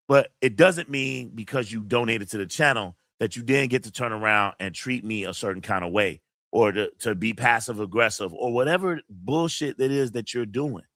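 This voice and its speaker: A channel host venting to his camera, emotional and near tears, blunt and full of profanity. His voice sits at an ordinary middle pitch. The sound is dry, with no room echo. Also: fairly bright tone. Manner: emotional, blunt and profane, reading chat messages aloud. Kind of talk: casual livestream venting to camera.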